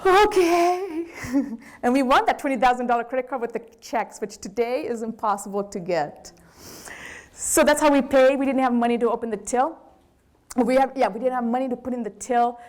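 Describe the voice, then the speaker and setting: A woman with a Brazilian accent, a business owner giving a candid, animated lecture to students. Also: a little high, normal speed. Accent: Brazilian Portuguese. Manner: animated, candid storytelling with acted quotes.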